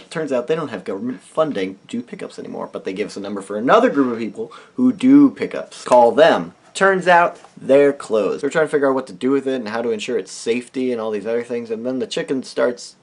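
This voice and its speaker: A young man tells a comic story straight to camera. His delivery is animated and chatty, with sudden loud, silly noises that he plays for laughs. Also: medium pitch. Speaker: vlogger.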